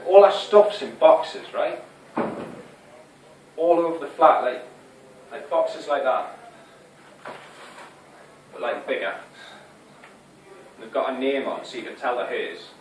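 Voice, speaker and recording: A man's voice: mid-range voice, slow pace, long pauses, roomy sound, natural voice. Man playing a nervous lovesick young guy, rambling, stage monologue, distant mic, faint hiss. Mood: wistful. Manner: rambling, hesitant, confiding, with many restarts and fillers. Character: anxious, lovesick young man, talkative and unsure. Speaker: stage actor. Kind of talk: theatre monologue. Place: small fringe theatre venue.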